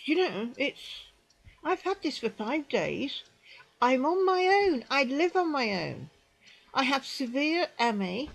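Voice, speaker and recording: A British woman in her sixties, telling her own story to the camera in an emphatic, indignant way, repeating phrases and dropping into quiet asides. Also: high voice, rough recording. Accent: British English. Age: 60s. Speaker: vlogger recounting an experience. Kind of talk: indignant personal account to camera.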